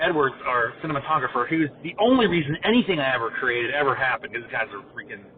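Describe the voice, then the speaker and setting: Male host, mid-pitch, talks loosely while driving, recorded thin and narrow like a phone line. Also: animated, a little hiss or hum. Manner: rambling, halting, trails off quietly. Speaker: podcast host. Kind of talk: casual chat while driving. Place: inside a car. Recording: tinny phone-like car recording.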